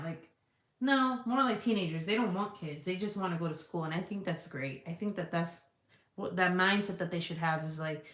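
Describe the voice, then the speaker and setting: Middle-aged woman, low voice, casual rambling chat with viewer comments, salty language, echoey room. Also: a bit bright. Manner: chatty, swears freely, lots of "like" fillers. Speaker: vlogger reading viewer comments.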